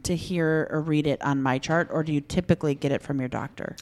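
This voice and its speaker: A woman interviews a guest in a relaxed conversation, asking her questions gently and with empathy. Her speaking voice sits on the low side for a woman. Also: fairly quick. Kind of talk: casual interview.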